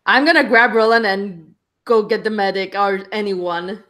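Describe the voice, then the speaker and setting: A woman's voice: medium pitch, normal speed, a bit bright. A woman playing in a tabletop game, casual and swearing freely. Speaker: player.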